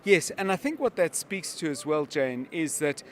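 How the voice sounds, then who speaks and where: A man giving live news commentary as a media analyst, explaining in a measured way with examples. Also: a little high, sing-song.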